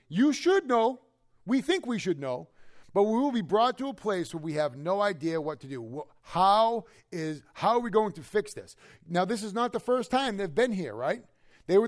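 A pastor preaching an expository sermon to his congregation in church, talking conversationally and swinging between loud, emphatic lines and hushed asides. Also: high voice, big pitch swings, moderate pace. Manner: conversational, keeps checking in with the listeners.

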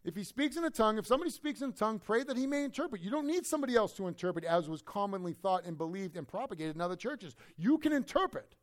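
High-voiced, animated pastor preaching. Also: male voice, fast talker, few pauses. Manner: animated, emphatic preaching with humorous asides; swings from loud emphasis to low, quiet asides. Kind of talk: expository sermon.

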